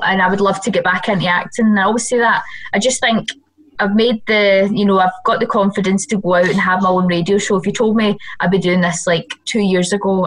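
A young Scottish woman chatting as an interview guest. She is a radio presenter who tells stories quickly and pokes fun at herself, laughing easily. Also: mid-range voice, poor audio. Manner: chatty, quick, self-mocking, laughs often. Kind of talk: casual chat.

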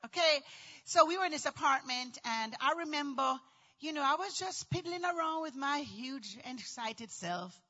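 A woman in middle age telling a personal story in a dramatic, animated way, acting out voices and often shouting. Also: high-pitched, moderate pace, lo-fi sound. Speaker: storyteller recounting childbirth.

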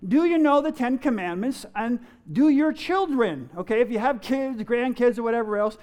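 A man's voice: very high-pitched, animated, normal speed, a little mellow. A middle-aged man preaching a sermon to his congregation, telling a joke and then making his point with emphasis. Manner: storytelling, emphatic, addresses the congregation. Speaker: pastor.

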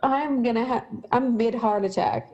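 A woman's voice: on the high side, normal speed, mellow, lo-fi sound. A young woman co-hosting a casual sports podcast, blunt and opinionated, with many fillers. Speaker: podcast co-host.

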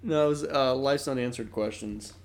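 A young man chats on a casual podcast. He jokes freely and drops into silly impression voices from time to time. His pitch sits in the middle range for a man. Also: moderate pace, gravelly. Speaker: podcast co-host. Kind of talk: casual chat.

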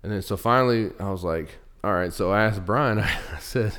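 A young man with a very deep voice co-hosts a casual podcast chat. He rambles through his stories, full of fillers, restarts and "you know"s. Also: fairly quick, fairly bright tone, clear, resonant tone. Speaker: podcast co-host.

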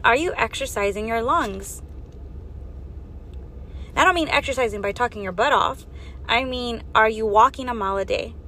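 A woman speaks at normal speed in a slightly high, sharp voice, leaving long pauses, during an earnest preaching monologue on faith and health. She exhorts her listeners with strings of rhetorical questions, over a little hiss or hum.

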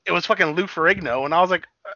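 A man co-hosting a casual chat, retelling things in a rambling, profane, animated way. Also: high-pitched, very fast, no room sound, lo-fi sound. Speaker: podcast co-host.

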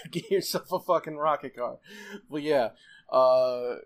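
A man's voice: medium pitch, slow pace. A man co-hosting a casual podcast, swearing freely, laughing often and acting out characters' lines as he recaps a show.

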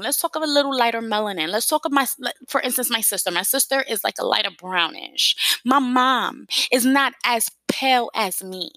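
Bright-voiced woman with a New York accent. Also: high-pitched, dry recording, poor audio. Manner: emphatic, conversational, repeats herself. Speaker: vlogger. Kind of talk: casual talk to camera.

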